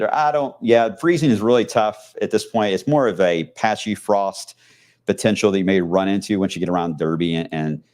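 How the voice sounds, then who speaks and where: Deep-voiced mumbling country-accented man. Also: a little mellow. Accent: Southern US country. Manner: mumbling, rambling with many fillers. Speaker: TV meteorologist. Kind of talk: casual weather livestream chat.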